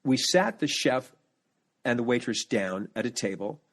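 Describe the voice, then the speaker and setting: Man telling lively stories as a podcast guest. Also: mid-range voice, a little slow. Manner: animated storyteller, full of family anecdotes; restarts sentences while searching for words. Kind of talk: casual interview chat.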